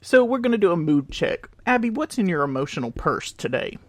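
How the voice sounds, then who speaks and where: A young man co-hosting a podcast in casual chat, expressive and given to loud laughs. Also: a little high, a little fast, no echo. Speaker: podcast co-host.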